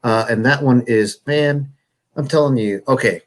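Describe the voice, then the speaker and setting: A man hosts a relaxed chat, easygoing and laughing often as he reads out questions. His voice sits at an ordinary middle pitch. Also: moderate pace. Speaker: host. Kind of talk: casual chat.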